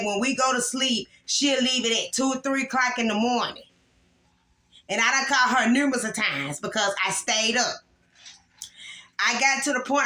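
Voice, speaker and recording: Woman, 40s, angry vlog rant, bright tone, echoey room. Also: a little high. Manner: emotional, repetitive, upset and angry. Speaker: vlogger. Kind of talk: casual vlog venting to viewers.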